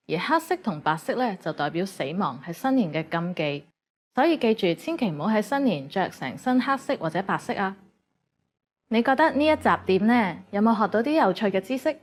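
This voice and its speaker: Woman reading a scripted lesson. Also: mid-range voice. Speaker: narrator. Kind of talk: scripted educational narration.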